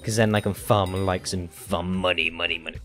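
A man's voice: deep voice, fairly even intonation, fairly quick, fairly bright tone, faint music behind. Man streaming, mock-dramatic whining. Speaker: game streamer. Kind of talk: casual live-stream chat while gaming.

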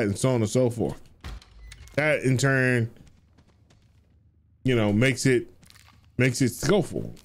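A man's voice: mid-range voice, lively intonation, takes it slowly, pauses often. A man streaming a game and chatting casually, in a loose, profane, rambling way with frequent restarts. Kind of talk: casual gaming livestream commentary.

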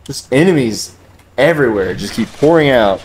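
A man playing a video game live, cursing often and breaking into loud, high-pitched outbursts. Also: animated, moderate pace. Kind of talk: swearing live game commentary.

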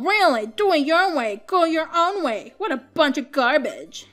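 A woman's voice: high-pitched, fairly bright tone. A woman doing a scornful, fed-up young man. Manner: scornful, blunt. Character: grumpy young man, fed up with his father.

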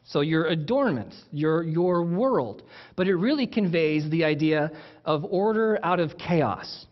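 Male pastor, sermon, casual teaching tone, slightly high voice, dull lo-fi sound. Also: lively intonation, unhurried. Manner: conversational preaching with restarts and asides.

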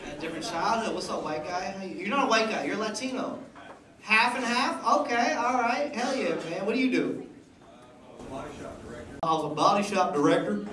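High-voiced man doing crowd work. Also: expressive, normal speed, recorded from a distance. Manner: loose, teasing banter with the audience. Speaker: stand-up comedian. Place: comedy club stage before a live audience. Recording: roomy live club sound, crowd noise.

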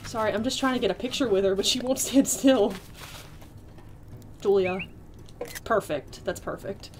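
A young woman live-streaming a video game, excitable and quick to squeal and laugh as she chats with her viewers. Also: medium pitch, a little hiss or hum.

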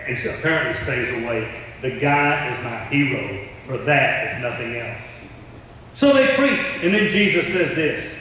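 Preacher in an echoey hall. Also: male voice, mid-range voice, lively intonation, moderate pace, sharp tone, slight background noise. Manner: storytelling, acting out quoted voices. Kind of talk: sermon. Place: large church hall. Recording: distant mic in echoey hall.

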